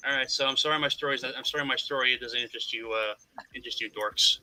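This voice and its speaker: Rambling storyteller man with a bright voice. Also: mid-range voice, fairly even intonation, quick pace, soft background music, rough recording. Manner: rambling, lots of repeated restarts, wry and profane. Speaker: podcast co-host telling a story. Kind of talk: casual chat. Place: Florida.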